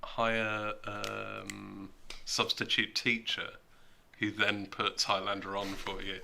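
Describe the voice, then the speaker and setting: Dude, lowish voice, super slow deadpan jokes on a stream. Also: male voice, gravelly, noisy background. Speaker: co-host of a watch-party stream. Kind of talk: casual chat.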